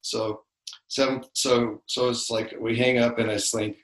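A man's voice: medium pitch, little pitch movement, a little slow, fairly bright tone, roomy sound, poor audio. An older man co-hosting a casual faith podcast, telling stories in a rambling way with many restarts and fillers. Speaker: podcast co-host.

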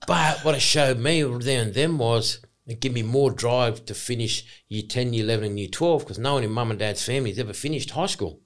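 Fast-talking Australian man in his forties. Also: medium pitch. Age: 40s. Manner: excitable, rambling, emphatic storyteller. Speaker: guest, former rugby league player. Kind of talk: casual podcast interview.

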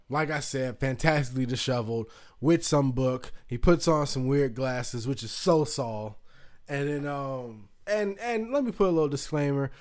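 A man hosting a podcast, telling a casual story loosely with lots of fillers and swearing, acting out other people's voices. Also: mid-range voice. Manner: loose, profane, full of fillers, acts out voices. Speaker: podcast host.

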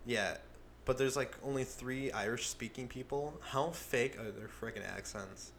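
A man's voice: mid-range voice, gravelly, fairly bright tone, slight background noise. A young man co-hosting a podcast, chatting casually about a movie, with lots of fillers and restarts. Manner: rambling, filler-heavy, quick to laugh. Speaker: podcast co-host. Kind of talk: casual movie review chat.

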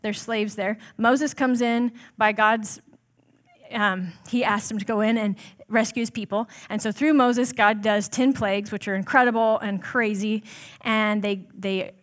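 A woman's voice: medium pitch, steady tone, measured pace. A woman preaching at a church, with a talk that sounds more like an easy chat than a formal sermon. She sounds down-to-earth and a little self-deprecating, and her speech is full of casual "um"s and "like"s. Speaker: church staff member preaching. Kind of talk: conversational sermon.

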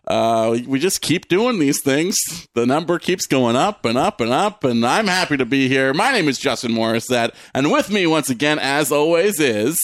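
A man hosting a sports podcast, opening the show in a jokey, lively way and chatting casually with his co-hosts. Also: mid-range voice, normal speed, few pauses, dry recording, studio quality. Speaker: podcast host.

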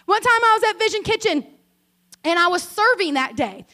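A woman pastor preaching a sermon, telling stories in a chatty way with asides to the congregation and building to animated preaching emphasis. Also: extremely high pitch, moderate pace.

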